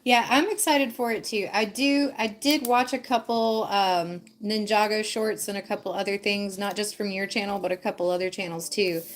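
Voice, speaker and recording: A woman hosts a casual livestream, talking straight to her viewers in a friendly, rambling way. Her speech is full of ums and likes, and her voice sits at a middle pitch. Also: fairly even intonation, moderate pace, hardly any pauses. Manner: chatty, talks directly to viewers; loose, filler-heavy talk with frequent ums and likes. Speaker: livestream host.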